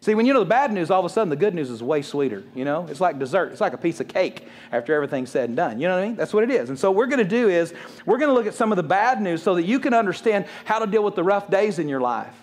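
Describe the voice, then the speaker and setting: A man's voice: high-pitched, expressive. A man preaching a sermon as a pastor, casual and conversational, joking and acting out what people say. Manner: fast, conversational preaching with quick jokes and acted-out quotes.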